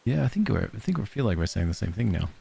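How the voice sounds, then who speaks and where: A man's voice: on the low side, very animated, fast, gravelly, dark tone, a little hiss or hum. A man streaming a cozy game, chatting casually and giggling while reading game letters aloud. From Australia. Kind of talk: casual let's-play chat.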